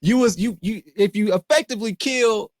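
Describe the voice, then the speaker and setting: A man's voice: sits high, moderate pace, no room sound, clean studio sound. A man co-hosting a podcast, chatting casually about a TV episode, questioning his co-host's points. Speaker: podcast co-host. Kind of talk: casual TV recap chat.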